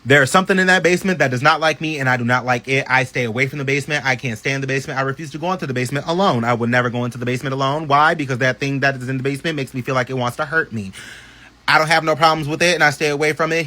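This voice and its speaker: A man with a medium-pitched voice tells a personal story for a casual storytime vlog. He is animated and profane, wandering into many chatty asides.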